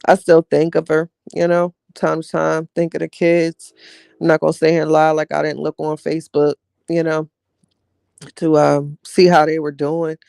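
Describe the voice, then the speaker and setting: A man's voice: fairly high pitch, completely flat delivery, moderate pace, vocal fry, a little mellow, clean tone, no echo, clean studio sound. A man hosting a live podcast, telling a personal story in a candid way and talking straight to his viewers as he reads out their comments. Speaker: podcast host reading live chat. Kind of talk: casual livestream storytelling.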